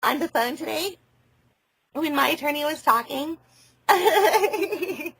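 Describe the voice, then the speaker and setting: A woman's voice: high voice, pushed and bright, no echo. A woman on a phone call who rambles, loses her train of thought and laughs often. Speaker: caller.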